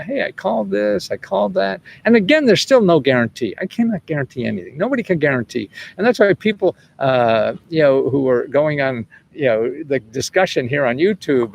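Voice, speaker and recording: A man's voice: on the high side, creaky, slight background noise. A man in his seventies, chatting casually and rambling as he answers viewers' questions, chuckling often and swearing freely. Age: 70s. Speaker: host answering viewers' questions about government money. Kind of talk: casual livestream chat.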